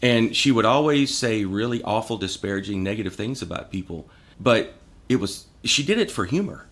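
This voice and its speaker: A man's voice: fairly low pitch, moderate pace. A man guest on a podcast, telling rambling, profane stories in casual chat. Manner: rambling, profane, animated storyteller.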